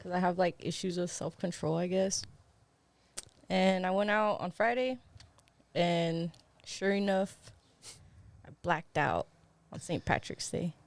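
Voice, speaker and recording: A young woman on a podcast in a studio talks in a fairly low, gravelly voice, unhurried and with long pauses, on a dry recording. As co-host she tells a story casually and with laughter, cursing freely and leaning on "like."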